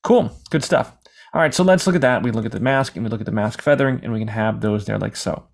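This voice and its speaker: Casual male tutorial instructor, slightly gravelly voice, mid-range pitch, chatty and meandering. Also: fast. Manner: casual, rambling, acts out imagined viewers' questions. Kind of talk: screen-recorded software lesson.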